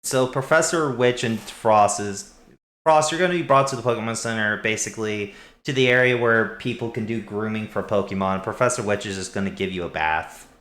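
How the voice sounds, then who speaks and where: A man narrating a tabletop role-playing game as game master, relaxed and dropping filler ums. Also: fairly low pitch, brisk. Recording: roomy echo.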